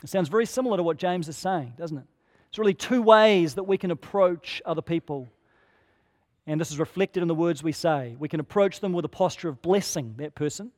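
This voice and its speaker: A man's voice: high voice, a little mellow, long reverb tail. A man preaching a sermon as pastor, earnest and conversational, asking his listeners rhetorical questions.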